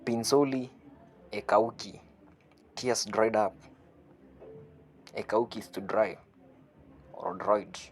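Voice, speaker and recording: A man giving an online language lesson, saying phrases slowly, repeating them and translating each one, with a chuckle now and then. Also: lowish voice, faint music behind. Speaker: language teacher.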